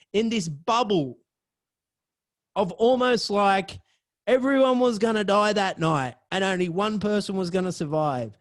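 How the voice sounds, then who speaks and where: Male host spinning a dramatic story with swearing, a higher voice that swings all over. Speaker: podcast host. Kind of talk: personal storytelling.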